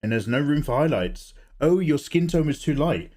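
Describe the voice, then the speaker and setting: A young man streams himself drawing and chats loudly to his viewers, swearing freely. His croaky voice jumps up and down in pitch with lots of energy. It is picked up close on a desk microphone at home. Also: normal speed. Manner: animated, swears a lot, talks loudly. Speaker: livestreaming artist. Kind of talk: casual chat while drawing.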